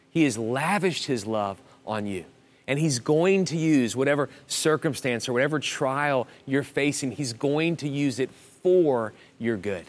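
A male pastor delivering a sermon in a church auditorium. He speaks earnestly at a mid-range pitch, often stumbling into restarts before pressing a point home through repetition.

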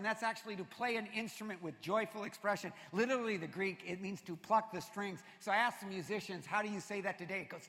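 A man preaching a sermon to a congregation, energetic and shouting at his peaks, then dropping low and soft. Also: quick pace, hardly any pauses. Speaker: pastor. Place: large church hall with congregation. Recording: reverberant church hall.

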